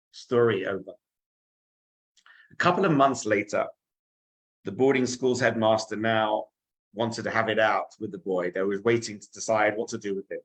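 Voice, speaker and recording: A male rabbi tells a story in sermon style, dramatic and animated. He acts out the scenes as he goes, building toward the big moments. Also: fairly low pitch, poor audio.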